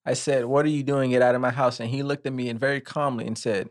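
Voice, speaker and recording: A man's voice: medium pitch, steady tone, quick pace. A man co-hosting a casual podcast, reading a news story aloud with dry comic timing.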